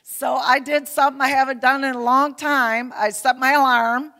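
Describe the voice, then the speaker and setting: A woman's voice: high-pitched, steady tone, normal speed, bright, forceful tone. A woman speaking casually to her church, folksy and self-deprecating with lots of fillers. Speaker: pastor's wife speaking at church. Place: church sanctuary. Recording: long hall reverb.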